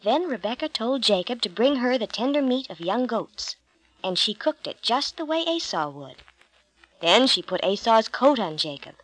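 A woman narrating a children's Bible storybook in an expressive, gentle read-aloud manner. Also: fairly high pitch, poor audio.

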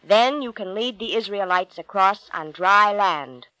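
A woman reading a storybook voices God, who gives slow, loud and solemn commands. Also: mid-range voice, animated, no echo, low-quality recording. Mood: commanding.

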